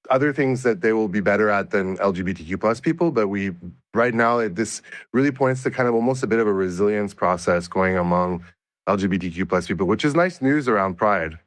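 A male researcher answers interview questions in a measured, explanatory way, often restarting his sentences. His voice sits low and the recording is dry and close, with no room around it. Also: no echo. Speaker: researcher guest.

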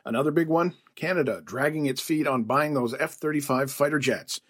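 Fast, husky male news reporter. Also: fairly high pitch, a bit bright. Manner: brisk, conversational reporting.

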